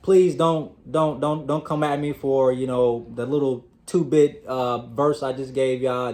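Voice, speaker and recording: A man's voice: mid-range voice, fairly even intonation, a little slow, hardly any pauses, a little mellow. A man hosting his own channel, giving a casual motivational talk straight to his audience, calling them y'all and repeating words as he finds his thoughts. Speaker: host of a self-improvement channel.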